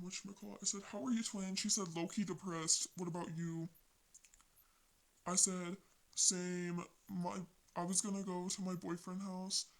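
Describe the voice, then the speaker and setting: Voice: medium pitch, gravelly, rough recording. A young vlogger casually retelling text conversations in a slangy, rambling way. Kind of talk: casual storytelling vlog.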